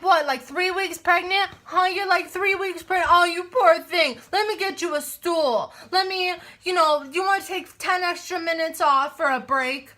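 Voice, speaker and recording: A high, syrupy voice of a fawning female coworker who fusses with exaggerated sympathy, as a woman mimics her in a mocking tone. The pitch is pushed well above a normal speaking voice, and the tone is bright and sugary. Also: exaggerated voice.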